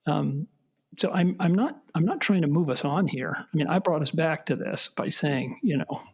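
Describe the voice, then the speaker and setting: A middle-aged man hosts a casual comedy podcast with his sons. His voice is husky and sits slightly high, and he talks in looping, hesitant runs, forever restarting his sentences and poking fun at himself. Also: expressive, moderate pace. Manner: rambling, hesitant, self-deprecating, many restarts. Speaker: podcast host, father of co-hosts.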